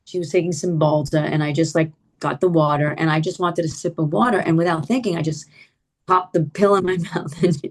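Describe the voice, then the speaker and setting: A middle-aged woman with a fairly low-pitched voice tells a personal story as an interview guest. She talks in an animated, loose way. She leans on "like" and "you know" and jumps her pitch up when she acts out what people said. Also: fairly quick. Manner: frequent "like" and "you know" fillers.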